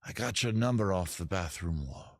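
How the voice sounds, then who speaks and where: A middle-aged man putting on an over-the-top British accent as a pompous poet, reciting in a low, theatrical poetry voice. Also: animated, normal speed, no echo, studio quality. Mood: grandly theatrical. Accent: put-on British. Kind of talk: comic dramatic poetry reading.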